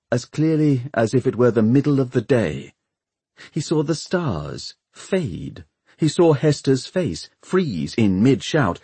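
A man reading a novel aloud as audiobook narrator, telling it in measured, expressive scripted narration. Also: lowish voice, breathy edge, no room sound.

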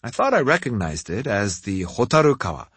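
A man with a husky voice narrating a story in the first person, measured and expressive. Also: on the low side, no echo. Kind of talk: scripted audiobook narration.

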